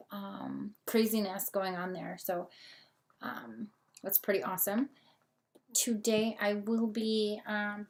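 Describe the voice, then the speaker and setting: Chatty young woman tarot vlogger. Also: mid-range voice. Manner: chatty, many fillers, laughs a lot. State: hiccups. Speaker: tarot reader, channel host. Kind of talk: casual tarot reading vlog.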